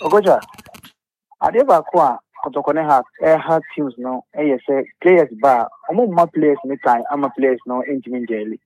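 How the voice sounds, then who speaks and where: A man's voice: fairly high pitch, moderate pace, darkish tone, slight background noise, low-quality recording. A man calling in to a radio sports show, airing a passionate, rambling complaint with many hesitations and restarts. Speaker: caller.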